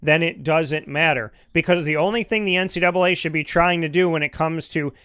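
Smooth-voiced talk show host. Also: male voice, on the high side, fairly quick, no echo, studio quality. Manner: animated, rambling, with frequent restarts and "you know". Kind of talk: opinionated sports talk. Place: home studio. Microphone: studio microphone.

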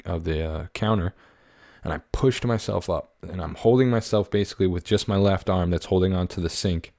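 A man's voice: low voice, darkish tone, dry recording, clean studio sound. A young man hosting a podcast, answering a caller in a playful, profane rant, then telling a childhood story in casual chat. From United States. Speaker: podcast host.

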